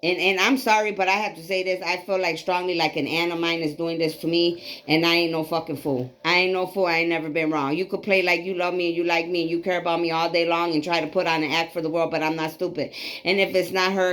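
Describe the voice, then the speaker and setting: Talking quickly in a lowish, slightly bright voice with a level tone, a woman in her late forties delivers a tarot reading. She's a psychic who preaches, repeats herself emphatically and swears casually.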